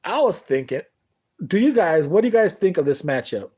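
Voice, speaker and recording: A man's voice: high voice, very animated, brisk, darkish tone, breathy edge. A young man telling a long, profane, rambling story in casual talk to camera on a boxing talk show.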